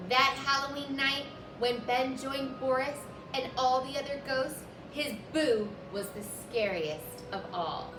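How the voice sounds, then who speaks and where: A woman hosting a library story time, reading a picture book aloud gently to children and showing a simple craft. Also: medium pitch. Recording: echoey room with background music.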